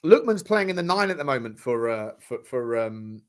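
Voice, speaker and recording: A man's voice: medium pitch, big pitch swings, normal speed. A man co-hosting a football podcast, chatting casually with lots of slang, restarts and jokes. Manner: rambling, restarts and slang, jokey. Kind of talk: casual chat.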